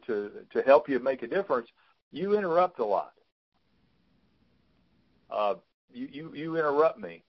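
A man's voice: mid-range voice, lo-fi sound. A man coaching a client on a call, giving frank, fatherly advice and often repeating words as he talks. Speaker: business consultant.

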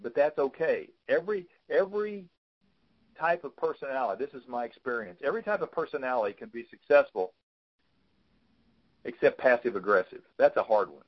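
A man's voice: medium pitch, a little fast, lo-fi sound. Man giving fatherly coaching advice. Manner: repeats words, fatherly advice. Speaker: business consultant. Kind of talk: coaching call.

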